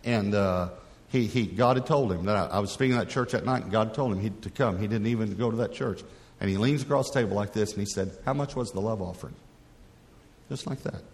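A man's voice: lowish voice, fast talker. A middle-aged man and pastor telling a personal story in a sermon, talking conversationally with frequent restarts. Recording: long reverb of a large hall.

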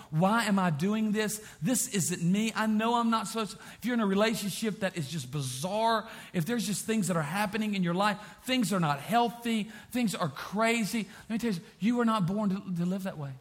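A man preaching a sermon as pastor, repeating phrases and swinging from quiet to impassioned. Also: high voice, a little fast, hardly any pauses.

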